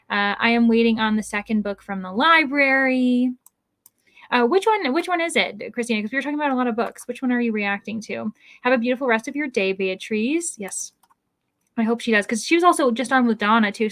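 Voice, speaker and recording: A woman's voice: fairly high pitch, no echo. A woman hosting a live stream in a casual, chatty way, reading out viewer comments with bubbly exclamations. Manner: frequent fillers and self-restarts.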